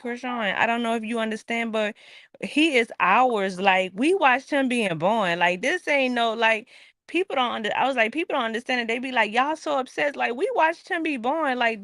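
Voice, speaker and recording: Animated woman telling a story. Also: on the high side, no echo, studio quality. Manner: animated storyteller, acts out quotes. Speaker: podcast co-host. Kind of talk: casual late-night chat.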